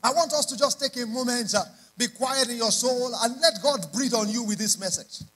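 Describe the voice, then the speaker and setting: A man's voice: very high voice, normal speed, a bit bright, rough recording. A man preaching a sermon, emphatic and repeating lines in rising prayer chants. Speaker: pastor.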